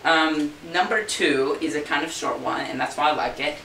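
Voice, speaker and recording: A man's voice: a little high, normal speed, sharp tone. A man who makes balloon animals, telling his favorite jokes to the camera in a chatty, folksy way. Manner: folksy, chatty, slips into funny voices for characters. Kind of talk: casual joke telling to camera. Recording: roomy echo, far from mic, faint hiss.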